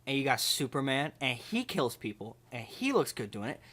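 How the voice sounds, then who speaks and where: A man with a medium-pitched, sharp-toned voice hosts a comedy video, with big pitch swings and a moderate pace. His character is an overconfident movie ranker who bumbles through rambling takes, stumbling over words with lots of fillers and restarts.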